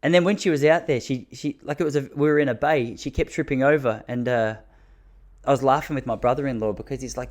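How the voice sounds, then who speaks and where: A man's voice: mid-range voice, quick pace. Give me an Australian man in his thirties talking casually and rambling on a solo podcast. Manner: rambling storytelling with slang and restarts. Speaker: podcast host.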